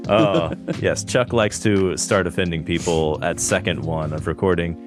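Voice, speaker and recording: Very deep-voiced male co-host. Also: normal speed, over music. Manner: laughing, relaxed banter. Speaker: podcast co-host. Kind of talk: casual chat.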